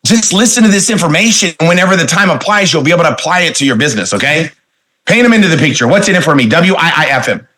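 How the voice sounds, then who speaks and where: A man in his forties, a network marketing speaker trainer, gives an emphatic motivational sales talk packed with rhetorical questions, stretching key words for inflection. His voice is on the high side, animated, fast, bright and forceful, captured in a low-quality recording.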